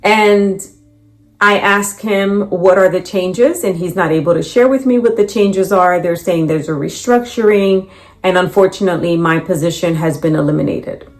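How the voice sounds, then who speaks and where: A middle-aged woman telling the story of her layoff, with lively quotes of what others said. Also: fairly low pitch, moderate pace, soft background music. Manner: animated, quotes others in dialogue. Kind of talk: storytelling in a reacted clip.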